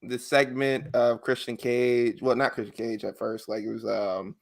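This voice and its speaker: A man's voice: moderate pace, vocal fry, crowd noise. A man co-hosting a casual wrestling podcast, telling stories with lots of slang and acting out quoted lines. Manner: animated storyteller, acts out quotes in high voices. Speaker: podcast co-host.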